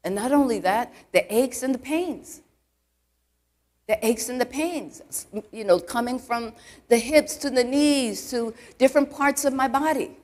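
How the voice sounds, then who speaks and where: A woman's voice: on the high side, measured pace, a little mellow. A woman church elder giving a conversational sermon to a live congregation in a church, peppering her talk with asides and questions to the crowd. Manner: chatty, full of "you know" asides, quizzes the congregation.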